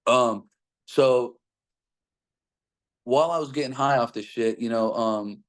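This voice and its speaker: A young man with a mid-pitched voice tells a personal story. His talk rambles, full of fillers and constant swearing. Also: slow.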